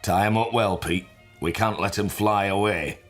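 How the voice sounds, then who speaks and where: Man putting on a gruff loud sergeant, barking, music low under it. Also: moderate pace, natural voice. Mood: commanding. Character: gruff loud male army sergeant, brutal.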